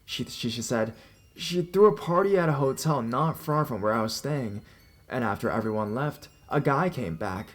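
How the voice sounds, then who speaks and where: A man reading a first-person horror story aloud, telling it in an expressive way with small restarts. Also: mid-range voice, normal speed.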